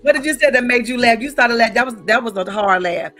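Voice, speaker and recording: A woman, hosting a talk show in a lively, playful way. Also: fairly high pitch, fast talker, soft background music. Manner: lively, playful, addresses guests as baby. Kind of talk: casual talk show chat.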